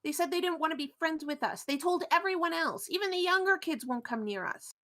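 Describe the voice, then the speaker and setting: A woman voicing a young boy rodent who is sad and apologetic, in a high, pleading voice. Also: a little fast, pushed and bright. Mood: dejected.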